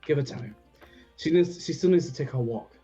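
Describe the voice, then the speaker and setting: A man's voice: a little high, a little fast, dark tone, slightly rough, soft background music. A man playing a tabletop role-playing game, talking casually and a bit hesitantly. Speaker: player. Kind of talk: tabletop role-play chat. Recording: slightly dull lo-fi sound.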